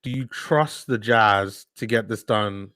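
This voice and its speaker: A man giving live play-by-play commentary as a fan on a watch-along stream, sighing in disbelief and getting loud when his team scores. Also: fairly low pitch, slow, no room sound. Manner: excitable fan, swings from sighing disbelief to shouting.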